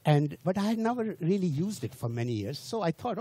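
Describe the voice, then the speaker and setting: An older man lecturing to a general audience, his first language Hindi. His fairly high voice carries a slight huskiness. He talks in an animated, wandering way, pausing to toss out rhetorical questions and restart his sentences. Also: husky, no echo.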